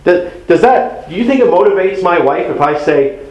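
A man's voice: high-pitched, animated, unhurried, hardly any pauses, echoey room, rough recording. A man speaking as a pastor to an audience about marriage, conversational and humorous, acting out little quotes from spouses. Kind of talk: sermon-style marriage talk.

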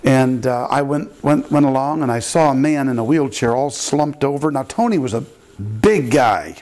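An older man, a pastor, telling a story in a sermon and acting out the people in it with big jumps in his voice. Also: moderate pace. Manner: animated preaching, acting out quotes with big pitch jumps.

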